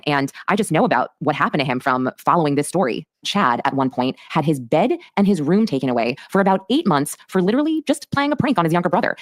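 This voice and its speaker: A woman hosts a true crime recap podcast, talking quickly and emphatically. Her voice sits low but swings widely in pitch. The sound is dry and close. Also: dry recording. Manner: fast, emphatic storytelling. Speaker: podcast host.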